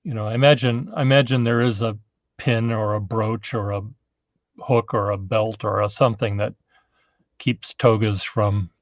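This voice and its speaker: A man hosting a podcast in casual chat, playful and relaxed, repeating words as he thinks aloud. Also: fairly low pitch, moderate pace, dry recording, muffled recording. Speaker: podcast host reading listener questions.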